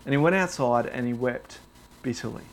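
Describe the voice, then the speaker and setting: A young man preaching a sermon, telling the story with animated, dramatized delivery. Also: fairly high pitch, normal speed, a little hiss or hum.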